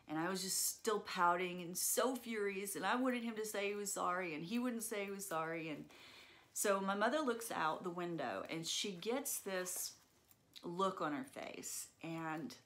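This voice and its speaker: A woman's voice: on the low side, fairly bright tone. A woman telling a personal story in an earnest, reflective way, with frequent fillers.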